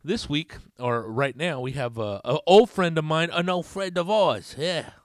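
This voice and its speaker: A man's voice: a little high, a little slow, no room sound. Man, podcast host, casual rambling and profane, laughs at own jokes, dry recording.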